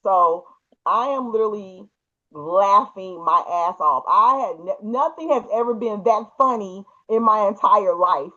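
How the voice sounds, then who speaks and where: A high-pitched man with a bright, forward tone tells a story in an animated, casual way, laughing as he goes. The recording sounds a little dull and muffled. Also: unhurried. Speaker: podcast co-host.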